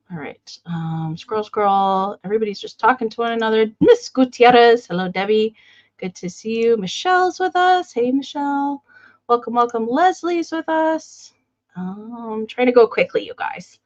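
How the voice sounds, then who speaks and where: A woman's voice: on the high side, darkish tone, dry recording, dull audio. A woman hosting a live online sale, chatting casually and greeting viewers by name. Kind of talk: casual live-stream chat.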